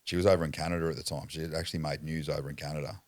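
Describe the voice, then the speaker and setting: A man's voice: extremely low pitch, little pitch movement, rapid-fire, dry recording. An Australian man telling a story as a podcast guest, blunt and foul-mouthed in casual chat. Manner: blunt, heavy swearing, acts out quotes.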